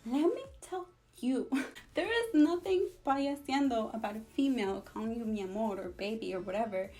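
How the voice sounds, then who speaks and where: Young woman, sassy storytime vlogger, high-pitched, faint music behind. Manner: sassy, animated, switches between English and Spanish. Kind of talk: storytime vlog.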